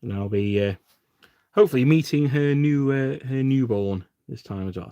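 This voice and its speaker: A man's voice: mid-range voice, normal speed, warm tone, clean tone, no room sound, highs cut off. A man from England hosting a casual livestream, chatting with viewers while painting miniatures and rambling with lots of fillers. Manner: rambling and self-deprecating, with frequent fillers. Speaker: livestream host.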